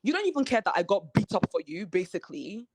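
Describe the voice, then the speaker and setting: A woman, a reality show cast member telling her story in an animated way and acting out the quoted lines of the people in it. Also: mid-range voice, fast talker, a little hiss or hum. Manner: animated, acts out quoted dialogue. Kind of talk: candid podcast interview storytelling.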